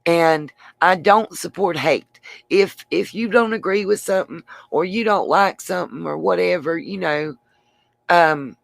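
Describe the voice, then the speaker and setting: Gravelly-voiced woman chatting on a livestream. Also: lowish voice, measured pace, no echo. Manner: rambling, addresses viewers by name, frequent restarts. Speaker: channel host. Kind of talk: casual livestream talk answering chat.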